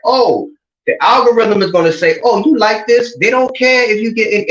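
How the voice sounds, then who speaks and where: A man talking as a guest in a casual talk-show discussion, animated and streetwise, repeating words as he searches for them. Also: a little high, roomy sound, muffled recording.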